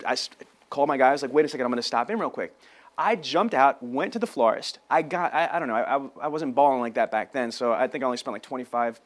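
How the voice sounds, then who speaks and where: A man giving an energetic sales training talk on camera, telling stories and acting out phone calls. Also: mid-range voice. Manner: animated storyteller, acts out phone calls.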